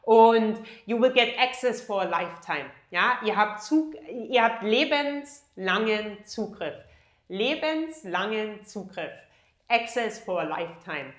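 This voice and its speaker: A woman's voice: medium pitch, lively intonation, measured pace, a bit bright. German-accented woman teaching, echoey room. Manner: emphatic, repeats each example in both languages, often asks "ja?". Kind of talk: language lesson, switching between English and German.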